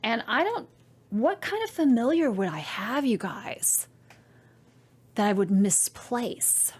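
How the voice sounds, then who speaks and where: A woman hosting a knitting podcast from home, talking to camera in a chatty, excitable way and addressing her viewers directly. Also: on the high side, slow, slightly rough. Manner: chatty and excitable, full of "like" and "you guys". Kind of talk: casual chat to camera.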